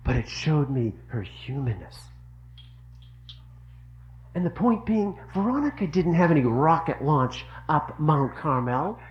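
A middle-aged man speaks earnestly to a congregation, telling personal stories and stacking repeated phrases for emphasis. His voice sits a little high for a man. A faint hiss runs under the recording. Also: big pitch swings, a little slow, muffled recording. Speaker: religious speaker. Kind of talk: devotional talk.

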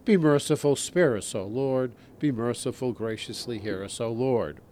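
A priest leading his listeners in prayer, reciting a long litany in a measured, solemn way. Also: mid-range voice, dark tone, a little hiss or hum.

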